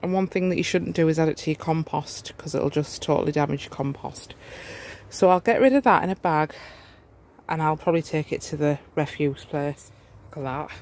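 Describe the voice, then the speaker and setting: A home gardener, chatting casually through a vlog walkthrough inside a warm polytunnel, with frequent amazed exclamations. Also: mid-range voice, slight background noise.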